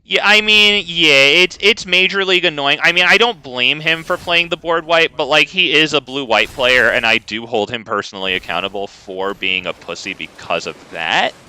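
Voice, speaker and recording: A man's voice: a little high, normal speed, hardly any pauses, pushed and bright, smooth. A man streaming a card game, ranting casually and talking to his chat. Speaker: gaming streamer. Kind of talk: casual live gameplay commentary.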